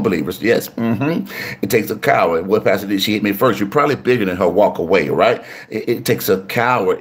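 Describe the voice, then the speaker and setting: Preaching man, low voice, repeats himself. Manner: preaching with repetition and call-outs to listeners. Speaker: pastor. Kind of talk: sermon.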